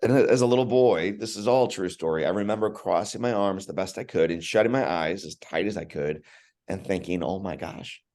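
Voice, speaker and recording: On a podcast, a male guest tells an emotional personal story with real earnestness, often stumbling and repeating words as he begins again. He speaks a little fast in a low-pitched, slightly mellow voice.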